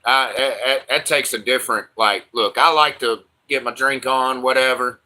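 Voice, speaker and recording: A man's voice: mid-range voice, steady tone, moderate pace, pushed and bright. A man hosting a casual livestream, chatting with viewers in loose, slangy, profane banter. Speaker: livestream host.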